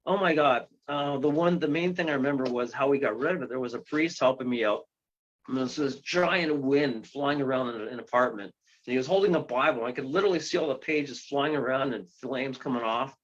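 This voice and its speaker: A man's voice: medium pitch, brisk. Rambling male guest telling a story. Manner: rambling, full of fillers and restarts, with excited exclamations. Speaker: guest, ghost tour guide and paranormal investigator. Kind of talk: storytelling in an interview. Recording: dull lo-fi sound.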